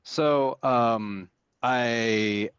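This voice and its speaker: A man's voice: medium pitch, drawn-out words, fairly bright tone, smooth, no echo, dull audio. A man talking casually in an interview about making games, rambling with many fillers and restarts. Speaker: game designer guest.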